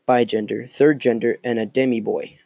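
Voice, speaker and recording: A man's voice: mid-range voice, steady tone, normal speed, creaky, darkish tone, dry recording. A man hosting a casual solo podcast, rambling and mocking with a lot of profanity and fillers. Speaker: podcast host.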